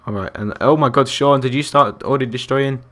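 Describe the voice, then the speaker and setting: A young man with a mid-range, slightly bright voice talks fairly quickly over his live game stream. He counts aloud and responds to viewers and other players.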